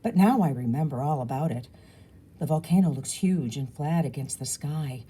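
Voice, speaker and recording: A woman reading a children's novel aloud in a lively, expressive storytelling manner. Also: sits low, normal speed, slightly rough. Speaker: audiobook reader.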